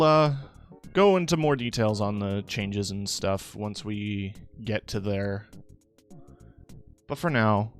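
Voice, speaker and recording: A man's voice: fairly low pitch, clear, resonant tone. Man, young adult, live streamer, casual rambling chat, tired, faint music behind. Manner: rambling, relaxed, talks to chat with fillers. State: tired, yawning.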